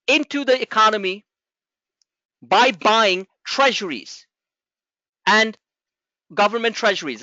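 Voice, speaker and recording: A man coaching a trading group, explaining markets in an animated, rambling way with many restarts. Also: high-pitched, dry recording, muffled recording.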